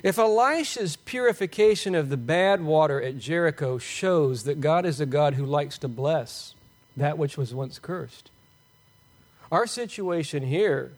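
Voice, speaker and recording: A man preaching a sermon, animated and emphatic, asking the congregation rhetorical questions. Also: a little high. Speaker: pastor.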